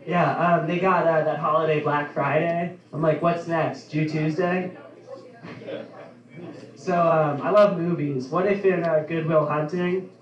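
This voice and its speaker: A young adult man performing a stand-up comedy set in a club, in an offhand, halting delivery full of ums. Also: fairly high pitch, steady tone, lo-fi sound. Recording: echoey club from a distance.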